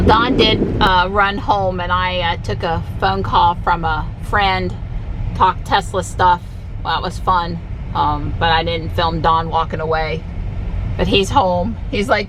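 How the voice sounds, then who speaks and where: A woman's voice: lowish voice, unhurried, a bit bright, slight background noise. A woman vlogging in a casual, chatty, rambling way from her car. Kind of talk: casual chat while driving.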